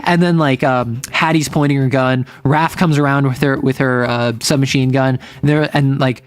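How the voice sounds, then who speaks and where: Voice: mid-range voice, fairly even intonation, normal speed, dry recording, soft background music. A game master casually recapping a tabletop session, chatty and full of "like.". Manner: rambling, chatty, uses lots of "like".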